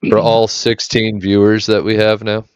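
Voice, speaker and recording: American male host, very deep and smooth, loose joking delivery, dull dry mic. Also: completely flat delivery, normal speed. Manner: rambling, self-correcting, joking. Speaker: podcast host keeping the notes. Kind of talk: casual chat.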